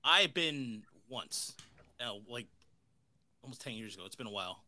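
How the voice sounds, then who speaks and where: A man's voice: medium pitch, moderate pace. A man hosting his podcast in casual chat, ranting with lots of swearing. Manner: profane, animated ranting. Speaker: podcast host.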